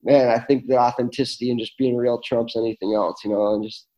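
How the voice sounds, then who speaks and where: A man's voice: medium pitch, steady tone, a little fast, dark tone, low-quality recording. A man, telling personal stories as a guest in a conversation, earnest and full of fillers and restarts. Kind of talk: reflective storytelling in conversation.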